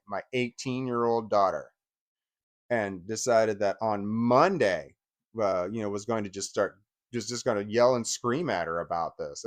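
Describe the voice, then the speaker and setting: A man in his forties giving an angry, profane personal rant, often stumbling and restarting his sentences. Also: fairly low pitch. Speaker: vlogger.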